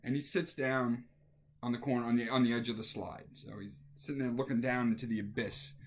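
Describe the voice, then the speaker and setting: A man's voice: mid-range voice, brisk, slight background noise. A man telling a casual anecdote, acting out the scenes with voices. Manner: animated, acts out scenes with voices. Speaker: storyteller.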